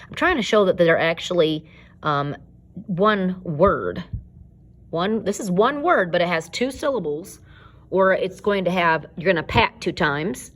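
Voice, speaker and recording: Lowish woman teaching rhythm. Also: expressive, moderate pace, a bit bright. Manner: demonstrating rhythm by chanting and tapping words. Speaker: music teacher. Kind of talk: casual home video lesson.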